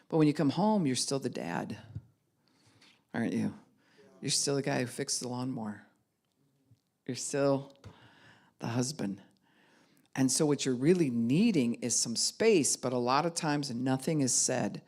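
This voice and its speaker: A woman's voice: extremely low pitch, expressive, measured pace, long pauses, a little mellow. A middle-aged woman pastor giving a conversational teaching talk, speaking candidly and frankly and acting out the voices of people she quotes.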